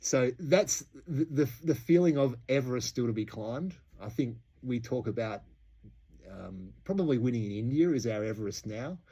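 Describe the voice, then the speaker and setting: A man's voice: mid-range voice, animated, moderate pace, dark tone, husky. An Australian man hosting a history podcast, telling the story in a chatty way and laughing between points. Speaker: podcast host.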